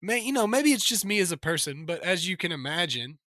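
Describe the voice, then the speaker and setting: A man in a relaxed podcast chat, his voice high and bright. He talks in a playful, animated way and laughs a lot. The sound is close and dry. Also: fairly quick, dry recording. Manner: jokey, animated, laughs often. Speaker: podcast co-host. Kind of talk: casual chat.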